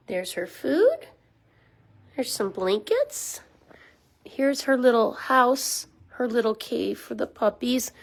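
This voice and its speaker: A woman rescue volunteer chatting casually at home, rambling with ums and slipping into soft baby talk for a dog. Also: a little high, gravelly, rough recording. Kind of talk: casual talking-head explainer to camera. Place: small room at home with a puppy pen, indoors.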